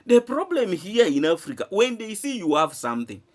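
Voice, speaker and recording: A man's voice: high-pitched, big pitch swings, normal speed. A man giving emphatic vlog commentary, repeating phrases and asking rhetorical questions. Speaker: vlogger. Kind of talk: animated commentary to camera.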